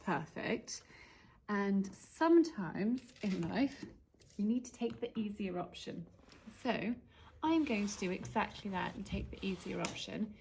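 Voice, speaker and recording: A woman's voice: mid-range voice, darkish tone, a little hiss or hum. A woman chatting through a do-it-yourself how-to as she works, thinking aloud and muttering to herself, in a cluttered workshop. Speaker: DIY vlogger. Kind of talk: casual how-to vlog, talking while working.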